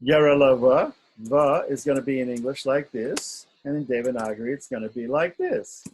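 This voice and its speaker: Husky man teaching script sounds. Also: mid-range voice, very animated, moderate pace, a little mellow, poor audio. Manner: patient, repeats sounds and checks in with "right?". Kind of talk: online script lesson.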